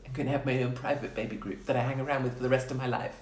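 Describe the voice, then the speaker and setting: A woman's voice: a bass voice, fairly even intonation, very fast, a little mellow, reverberant, a little hiss or hum. A woman mocking a smug new mum. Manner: sneering mock-posh parody. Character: smug self-important new mother, female, adult.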